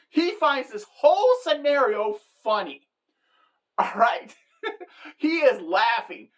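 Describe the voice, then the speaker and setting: A middle-aged woman telling a comic story as a monologue, animated and deadpan at the punchlines, jumping into the voices of the people she quotes. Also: mid-range voice. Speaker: comedic storyteller.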